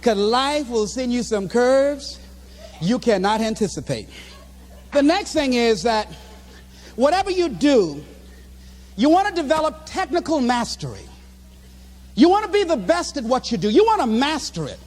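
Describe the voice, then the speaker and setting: A man giving a motivational speech to a live audience, telling stories with animated delivery and shouting out his own acted lines. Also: extremely high pitch, unhurried, long pauses. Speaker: motivational speaker.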